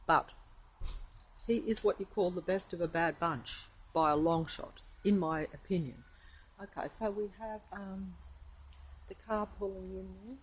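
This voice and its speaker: A chatty woman talking into the phone she holds while she walks about outside on her street. She wanders from one thought to the next at a middling pitch, with soft street noise faintly behind her. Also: unhurried. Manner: chatty, meandering, talks to camera and to her cat. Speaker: vlogger. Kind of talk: rambling handheld phone vlog. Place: outdoors on a residential street.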